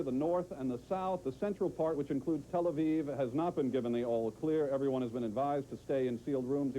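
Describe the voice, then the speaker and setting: A male news correspondent with a very dark, mellow voice reports live in a plain, steady way, dropping in fillers. Faint noise runs under the broadcast. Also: mid-range voice, poor audio.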